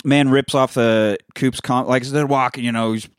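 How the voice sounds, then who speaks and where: A man's voice: mid-range voice, fairly even intonation, moderate pace, smooth, no echo, clean studio sound. A man casually recapping a film on a podcast, swearing freely and quoting characters as he goes. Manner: profanity-laced storytelling with quoted character voices.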